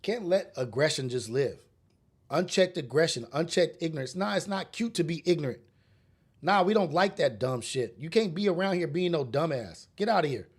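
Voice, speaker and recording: A man's voice: a little high, expressive, normal speed, husky. A man hosting a solo podcast, ranting bluntly and preachily with street slang and cursing. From raised in a rough urban neighborhood. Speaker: podcast host. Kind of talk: casual solo podcast monologue.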